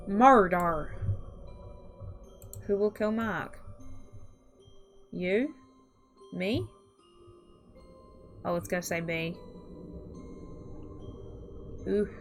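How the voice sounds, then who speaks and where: A young woman reads an interactive horror story aloud for her viewers and chats between the choices. Her voice swings widely in pitch and flares into startled outbursts. Her tone is conversational and reactive. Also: poor audio. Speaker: gaming YouTuber.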